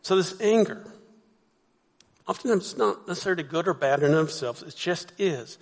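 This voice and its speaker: This pastor has a high, expressive voice and talks a little fast while preaching. He chats with the congregation and throws out rhetorical questions, with long hall reverb on the recording.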